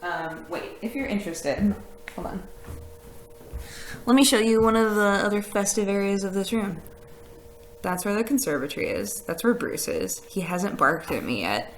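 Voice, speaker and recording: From a house with a conservatory, a woman chats casually on a live stream, reading chat messages and rambling with fillers and laughter. Her medium-pitched voice is lively and moderately paced, on a low-quality recording with slight hiss or hum.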